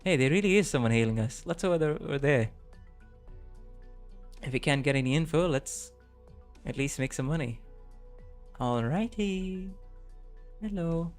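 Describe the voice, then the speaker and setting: Excitable man streaming a game. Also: a little high, a little slow, pauses often, soft background music. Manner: excitable, rambling reactions with restarts. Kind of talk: reading game dialogue aloud and reacting.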